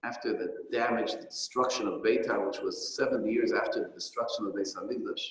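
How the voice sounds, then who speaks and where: A man's voice: on the low side, a little fast. A man, a rabbi, giving a Torah lecture, telling stories and explaining Hebrew and Aramaic phrases as he goes. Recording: echoey hall with long reverb.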